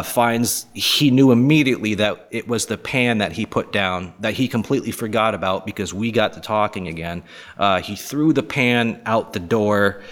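A man casually telling a story alone on a podcast, rambling and swearing with lots of fillers. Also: on the low side. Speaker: podcast host.

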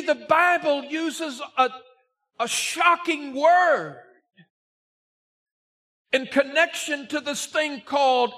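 A male pastor delivering a Sunday morning sermon, reading scripture aloud and driving his points home, shouting out key words. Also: extremely high pitch. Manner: slow, emphatic preaching that rises to shouts on key words; reads scripture aloud in old-fashioned wording.

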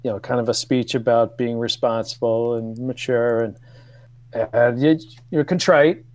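A man in his fifties, a guest on a radio show, telling old stories with laughs and halting restarts. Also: mid-range voice, steady tone, darkish tone, dry recording. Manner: storytelling, laughs often, hesitant restarts. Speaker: guest, former radio co-producer. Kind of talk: casual radio chat.

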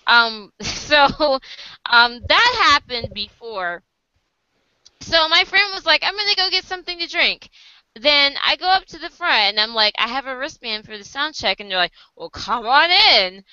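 A woman's voice: fairly high pitch, sharp tone, clear, resonant tone, dry recording, lo-fi sound. An American woman casually telling a story to camera, acting out other people's lines and laughing often. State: sleep deprived. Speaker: vlogger.

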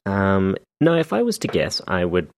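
A man hosting a casual family quiz game, playful and quick to laugh, with stumbling restarts. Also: sits low, huge pitch swings. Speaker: game show host. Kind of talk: casual game-show banter.

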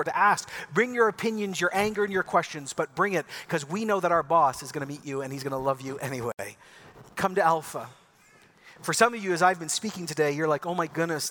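A high-voiced male pastor preaches an Easter sermon, moving from impassioned calls to a quiet, earnest prayer.

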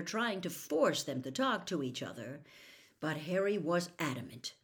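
A woman narrating an audiobook with expressive storytelling, at times dropping to a whisper. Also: low-pitched, a little slow.

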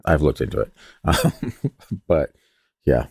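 Deep-voiced joking podcast host. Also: male voice, huge pitch swings, slow, creaky, darkish tone, husky, no echo, studio quality. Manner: joking, swears casually, breaks off to tease. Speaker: podcast co-host reading listener stories. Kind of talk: casual chat and story reading.

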